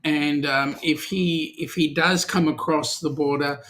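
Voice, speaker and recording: A man's voice: on the high side, steady tone, unhurried, fairly bright tone. A middle-aged Australian man co-hosting a casual live-stream chat, greeting viewers and teasing them, with plenty of ums and uhs. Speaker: co-host of a weekly cruising chat.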